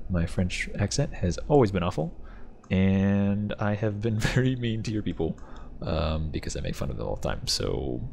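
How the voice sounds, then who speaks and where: In this casual game commentary, a male host who reviews game ships walks through one, rambling and joking with frequent laughter. His voice sits on the low side, gravelly and darkish, with a little hiss or hum in the recording.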